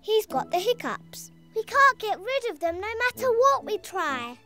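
A woman voicing a cheerful, kind little girl bunny in a gentle animated children's series, sweet and eager. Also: extremely high pitch, a little slow, music in the background, heavily acted. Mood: bright.

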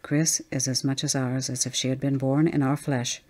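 A woman's voice: extremely low pitch, flat delivery, moderate pace, dark tone. A woman playing a firm, matter-of-fact husband in an audiobook ghost story. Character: steady, brisk husband, protective and firm.

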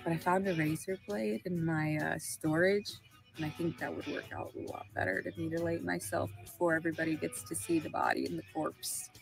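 A woman's voice: low-pitched, steady tone, brisk, creaky, faint music behind, poor audio. A woman with a Southern American accent, rambling emotionally and swearing through a livestream monologue. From Arkansas, USA.

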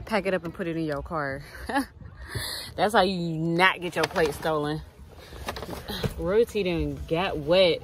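A woman's voice: on the low side, background noise. A woman vlogging casually to her viewers from a busy family holiday cookout, chatting as she films on her phone. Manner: chatty, keeps calling out to viewers. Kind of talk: casual vlog chat to viewers. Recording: crowd chatter behind.

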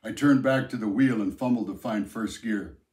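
A man narrating a novel aloud in the first person, telling the story in a measured, plain way. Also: on the low side, a little mellow. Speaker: audiobook narrator. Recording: roomy echo.

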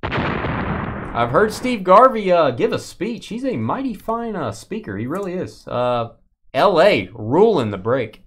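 A man hosting a live sports card break, joking with his co-host and calling out cards with bursts of excitement. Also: high voice, unhurried, husky.

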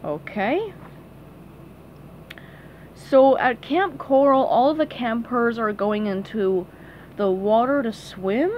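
A woman casually reviewing a children's picture book, chatty and gushing, with small laughs and restarts. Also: fairly high pitch. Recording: dull lo-fi audio with faint noise.

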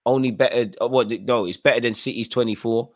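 A man hosting a live football watchalong, reacting loudly to the match with slangy banter and urging players on. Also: medium pitch, fairly quick. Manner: excitable, shouts at players, slangy.

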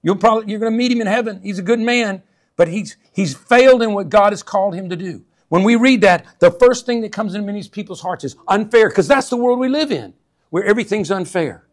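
A man preaching a sermon, calling out "amen?" to his church and swinging between hushed asides and loud emphatic bursts. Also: high voice, brisk. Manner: call-and-response, repeats 'amen?' to the congregation. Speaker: pastor.

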